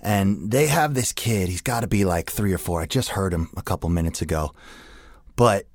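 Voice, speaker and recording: A man's voice: sits low, normal speed, a little mellow, no echo, clean studio sound. A young adult man hosting a radio show, delivering a crude, profane, rambling comedic rant.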